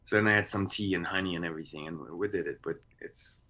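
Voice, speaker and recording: A man's voice: sits low, quick pace, pushed and bright. A man chatting as an actor guest on a video-call interview, rambling with many restarts. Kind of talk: casual interview chat.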